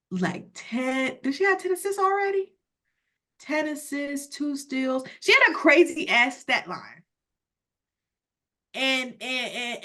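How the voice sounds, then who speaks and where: A woman hosts a casual sports podcast chat in a high, bright voice. She talks emphatically and swears freely, with plenty of "like" fillers. Her tone is sharp and forward. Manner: emphatic, profane, frequent "like". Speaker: podcast host.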